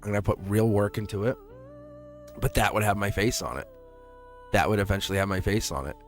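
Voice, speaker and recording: A man's voice: lowish voice, steady tone, brisk, faint music behind. A middle-aged man hosting a live tarot stream, rambling in a casual, chatty way and laughing often. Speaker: tarot reader and livestream host. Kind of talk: casual livestream chat.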